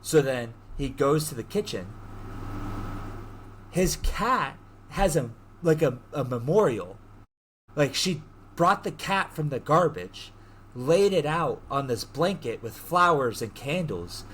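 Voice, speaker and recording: A man hosting a podcast, casually retelling a movie plot in an animated way, swearing freely. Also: a little high, takes it slowly, slight background noise. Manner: animated storyteller who swears freely and acts out quotes. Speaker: podcast host.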